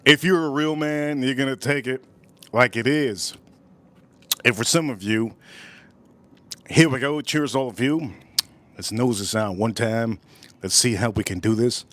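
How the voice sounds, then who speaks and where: A man hosting a casual whiskey tasting livestream, rambling and profane, repeating himself with loud bursts. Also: mid-range voice, unhurried, long pauses. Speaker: whiskey reviewer and livestream host.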